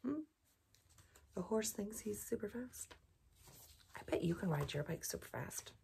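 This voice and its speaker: A woman storyteller reading a picture book aloud for a bedtime program, gently asking children questions as she goes. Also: mid-range voice, animated, normal speed, vocal fry, slight background noise.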